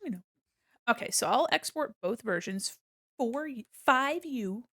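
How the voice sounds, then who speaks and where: A young woman chats away with her viewers while she draws on a live stream, bouncing from topic to topic with playful asides. Her voice leaps around a lot in pitch. The sound is dry and close from a desk mic at home. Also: lively intonation, moderate pace, fairly bright tone, no echo. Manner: chatty, playful, drifts into hums and silly sounds. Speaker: art streamer. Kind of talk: casual live-stream chat while drawing. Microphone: desk mic on a mic arm.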